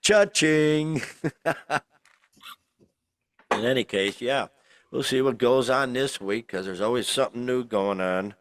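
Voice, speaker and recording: A man's voice: mid-range voice, a little slow, pauses often, dry recording. A tipsy man co-hosting a podcast, talking loosely and rambling with frequent laughs. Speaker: podcast co-host. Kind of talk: casual chat.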